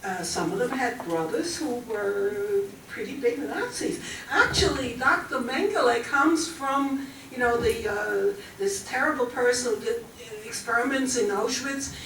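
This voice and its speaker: A woman in her eighties with a German accent, giving a talk to a college audience, chatty and pausing with fillers. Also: fairly high pitch, lively intonation. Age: 80s. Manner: warm, chatty, pauses with fillers. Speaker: guest speaker. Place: large college hall. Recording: echoey hall from far off, faint noise.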